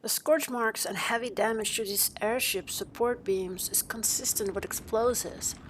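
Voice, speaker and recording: A woman voicing a composed, inquisitive adult woman hero in a video game, speaking calmly and deliberately. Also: a little high, slight background noise, natural voice. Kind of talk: video game character dialogue.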